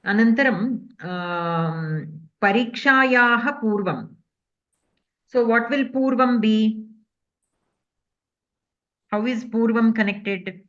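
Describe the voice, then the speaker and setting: A woman's voice: a little high, slow, pauses often, dull audio. Patient woman teaching grammar. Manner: patient, explanatory, checks in with "okay?". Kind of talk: online class explanation.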